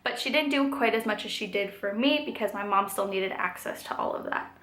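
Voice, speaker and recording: A woman's voice: mid-range voice, a little fast, fairly bright tone. Young woman chatting in an echoey room. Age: 20s. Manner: chatty, filler-heavy telling with frequent "like" and "um". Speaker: vlogger. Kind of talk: storytime vlog.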